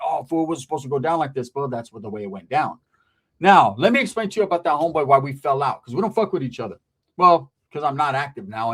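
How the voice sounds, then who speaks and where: A man telling a long comic story, animated and full of street slang and swearing. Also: mid-range voice. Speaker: comedian. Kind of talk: stand-up storytelling.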